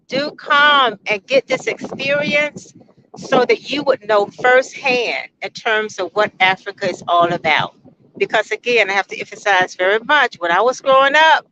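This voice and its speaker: A woman in her sixties gives an emphatic, enthusiastic testimonial on a beach. Her voice is high and bright, and it swings widely in pitch. The recording is dull and lo-fi, with faint outdoor noise. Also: lively intonation, a little slow. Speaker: guest. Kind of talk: casual testimonial.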